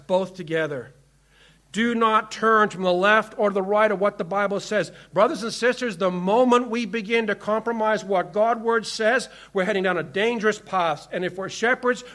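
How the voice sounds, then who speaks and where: A pastor with a high voice delivers a sermon from the pulpit. He reads scripture aloud and drives home his warnings with emphasis. His voice moves between firm, loud commands and soft, hushed asides.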